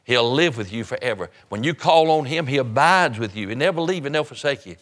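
A man's voice: medium pitch, expressive, fast, fairly bright tone. A man preaching an evangelistic sermon, urgent and fervent, hammering home repeated phrases.

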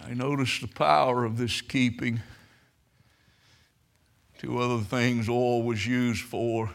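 A man preaching a sermon, telling stories and swelling into loud, emphatic preaching. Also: medium pitch, little pitch movement, slow pace, vocal fry.

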